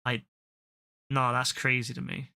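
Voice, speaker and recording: A man's voice: medium pitch, completely flat delivery, a little slow, creaky, bright, forceful tone. A young man ranting and swearing during casual live-stream chat, often repeating himself as he goes. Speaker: game streamer.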